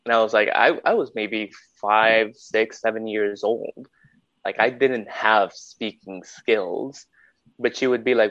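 A man's voice: fairly low pitch, fairly even intonation, a little slow, a bit bright, no room sound. Man with dry close-miked voice. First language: Spanish. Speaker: podcast guest, voiceover artist. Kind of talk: casual chat. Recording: dry, slightly dull sound.

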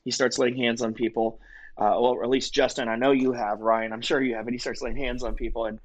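A man's voice: medium pitch, flat delivery, brisk, low-quality recording. A man as a podcast guest, telling a personal faith story in an earnest, vivid conversational way. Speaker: guest telling his testimony.

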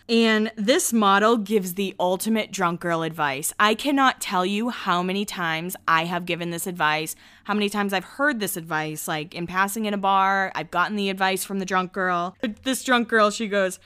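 A woman's voice: medium pitch, moderate pace, few pauses, sharp tone, clear, resonant tone. A young adult woman hosting a casual chat, recapping a reality show and often laughing as she acts out quotes. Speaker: podcast host.

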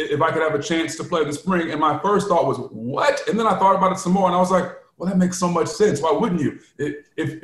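A man in his forties, a sports show host and former football player, telling candid stories in casual sports talk with animated quotes. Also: on the high side, reverberant.

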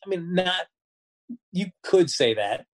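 A man with a somewhat high voice co-hosts a relaxed chat show. He talks in an easygoing way, with a mildly exasperated edge. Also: slow pace. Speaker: show co-host. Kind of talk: casual recap chat.

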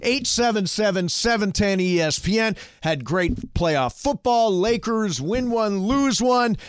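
A man's voice: high voice, lively intonation, unhurried, clean tone, no echo, studio quality. A man hosting a sports radio show, bantering casually and reading call-in numbers and ad copy. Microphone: studio mic.

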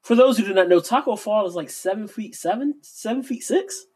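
Man, co-host, high-pitched voice, teasing banter. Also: animated, fairly quick, darkish tone, breathy edge. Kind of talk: casual chat.

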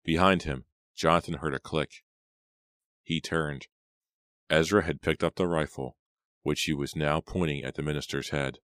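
A man with an extremely deep, smooth voice narrates an audiobook. He reads dramatically and slows down and gets louder for the characters' lines. The sound is dry and close. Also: fairly even intonation, dry recording.

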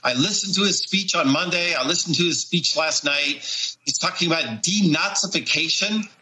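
A man's voice: a little high, moderate pace, sharp tone, low-quality recording. A man, a former diplomat, giving emotional, emphatic commentary on television. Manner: earnest, emphatic, morally charged.

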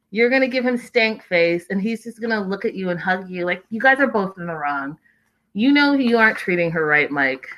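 A woman's voice: medium pitch, bright, forceful tone, rough recording. A woman hosting a casual recap, chatty and opinionated, with lots of "like"s. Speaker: reality show recap host.

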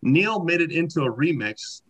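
A man spins funny anecdotes in a relaxed chat, his voice bright and forward. He talks in loose, animated bursts, padded with fillers and restarts. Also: fairly high pitch, normal speed. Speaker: podcast guest. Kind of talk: casual storytelling.

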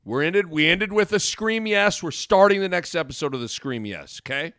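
Animated, excitable male podcast co-host. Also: sits high, normal speed, no room sound. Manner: excitable, bursts into shouts and laughter. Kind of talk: casual chat.

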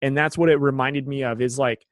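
A man in casual chat about movies, explaining his own reading of a scene in a measured way. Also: mid-range voice, fairly even intonation, no echo, clean studio sound.

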